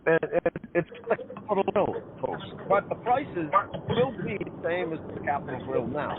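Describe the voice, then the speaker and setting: A man hosting a talk radio show, speaking in a drawn-out, emphatic way. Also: fairly high pitch, sing-song. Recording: tinny phone-like sound with clear background noise.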